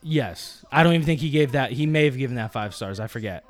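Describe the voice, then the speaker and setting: A man in easy conversation on a podcast, mid-pitched and relaxed, who keeps bursting into lively ringside-style calls. His speech is loose and full of restarts as he reacts to the action. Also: fast talker. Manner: excited, jumps into play-by-play commentary. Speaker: podcast co-host. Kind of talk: casual live-reaction chat.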